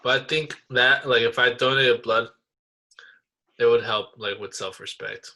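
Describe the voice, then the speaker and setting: Young male podcast co-host, bright forceful tone, laid-back and slangy, quick to laugh. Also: medium pitch, fairly even intonation, rough recording. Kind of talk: casual chat.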